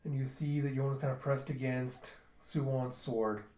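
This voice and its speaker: A man's voice: medium pitch, fairly even intonation, moderate pace, a little mellow, a little hiss or hum. A man casually recapping a manga volume, retelling the scenes in a loose, chatty way with fillers. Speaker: manga reader and reviewer. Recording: roomy echo.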